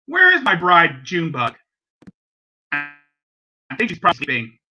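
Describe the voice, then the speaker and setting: A man with a high, sharply bright voice delivers casual reaction commentary, exclaiming and rambling as thoughts restart. His pitch swoops up and down, and he takes his time between phrases. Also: wildly swooping pitch, moderate pace, highs cut off. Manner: rambling, exclaiming, trails off mid-sentence. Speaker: reaction video host.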